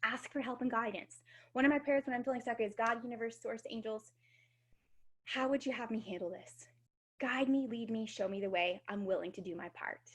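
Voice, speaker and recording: A woman's voice: a little high, a little fast, breathy edge. A woman, likely in her thirties, giving a casual, upbeat motivational talk on a video team call, swearing now and then. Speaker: guest speaker.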